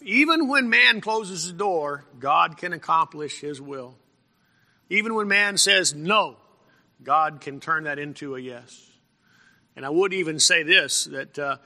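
A man delivers a sermon from the pulpit in a gravelly, sharp-edged voice. He clears his throat often and stumbles over repeated words as he builds his points. His voice rings out with the long reverb of a church hall. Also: fairly high pitch. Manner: frequent throat clearing and repeated false starts. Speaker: pastor.

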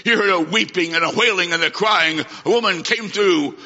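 In a dull, lo-fi recording with the long reverb of a big hall, a male preacher delivers a fiery sermon at a moderate pace. His high, very bright voice is forceful and emphatic, moving from loud declarations to hushed remarks.

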